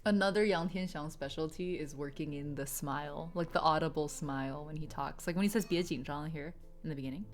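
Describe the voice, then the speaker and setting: A woman's voice: sits low, a little fast, hardly any pauses. A young woman streaming a game playthrough, chatting with her viewers and giggling often as she reads aloud. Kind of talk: live game playthrough chat.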